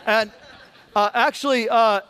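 A man's voice: extremely high pitch, fairly even intonation, unhurried, sharp tone, clear, resonant tone. A man preaching a sermon in a loose, conversational way, with frequent restarts and asides to the congregation. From Southern California. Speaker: pastor.

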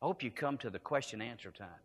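A man's voice: medium pitch, lively intonation, quick pace. A man preaching a storytelling sermon in a church, earnest and emphatic, repeating key phrases. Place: church sanctuary. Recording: echoey hall with long reverb.

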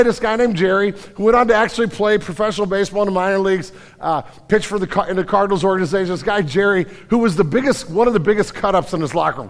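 A middle-aged man preaches a sermon in a folksy, storytelling way, often restarting his sentences. His voice sits fairly high for a man. A long reverb from a large church hall trails behind every phrase. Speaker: pastor.

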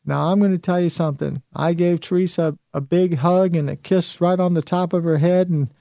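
Emphatic high-voiced man, gravelly. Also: steady tone, normal speed, warm tone, no echo, clean studio sound. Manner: emphatic, repeats phrases for effect. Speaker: host. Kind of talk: motivational radio talk.

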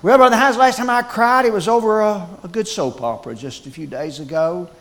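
A preacher mimicking a whiny tearful churchgoer. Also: male voice, sits high, fairly quick, a bit bright, big-room sound. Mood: mock tearful. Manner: mock-tearful, exaggerated whining. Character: whiny self-pitying adult churchgoer, teary and sentimental.

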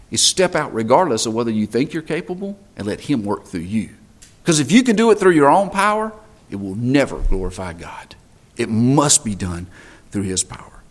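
Animated male pastor preaching. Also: medium pitch. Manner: emphatic preaching with repeated phrases and rising declarations. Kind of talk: sermon.

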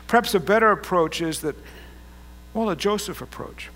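A man's voice: high-pitched, moderate pace, creaky, a bit bright. A middle-aged man preaching a sermon as pastor, earnest and rising to emphatic bursts.

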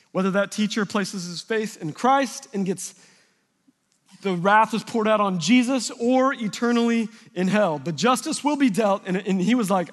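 A man preaching a sermon, telling lively personal stories and acting out the people in them. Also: sits high, in a large hall. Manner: animated storytelling, voicing people in his anecdotes.

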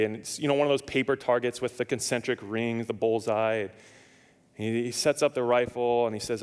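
A male pastor delivers a sermon in a church, with a long reverb trailing his voice. He speaks at a middle pitch, tells stories with humor and acts out both sides of a conversation. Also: steady tone, fairly quick, clean tone. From lived in Nevada, now Indiana. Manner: storytelling, acts out dialogue, jokes with congregation.

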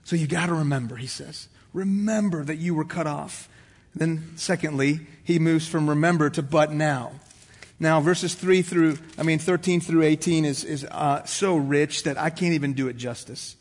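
High-voiced man preaching in a reverberant hall. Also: normal speed, husky. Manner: storytelling with acted-out voices, conversational asides. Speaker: pastor. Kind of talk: sermon.

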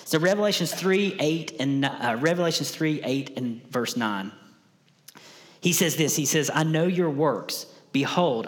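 A man's voice: medium pitch, in a large hall. A man preaching a conversational sermon to a congregation, often repeating key lines for emphasis. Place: church sanctuary.

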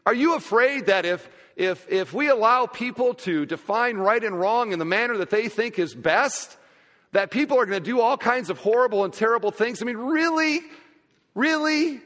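A man's voice: very high-pitched, lively intonation, moderate pace, fairly bright tone, in a large hall, voice pushed up. A man voicing a brash young male college student who incredulously challenges a speaker. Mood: mocking challenge.

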